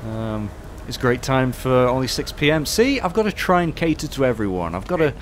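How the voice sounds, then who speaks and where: A man doing casual live commentary while playing, excitable, swearing often and chatting with his viewers. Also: medium pitch, a little fast, slight background noise. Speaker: game streamer.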